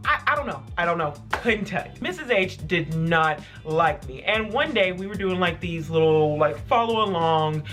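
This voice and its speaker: A young adult vlogger telling childhood stories in casual, animated chat, full of "like". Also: medium pitch. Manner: animated, filler-heavy with frequent "like". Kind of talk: casual storytelling to camera.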